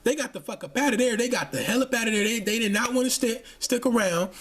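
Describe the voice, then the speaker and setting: A man with a high, husky voice delivering angry ranting commentary. He talks heatedly and profanely, often stumbling through repeated restarts. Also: lively intonation, quick pace, a bit bright. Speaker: channel host.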